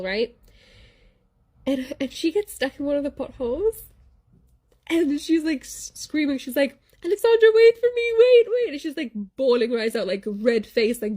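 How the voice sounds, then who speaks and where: Chatty young woman telling a ghost story. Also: on the high side. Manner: animated, rambling, frequent "like" and "okay?", laughing at herself. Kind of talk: casual spoken ghost story.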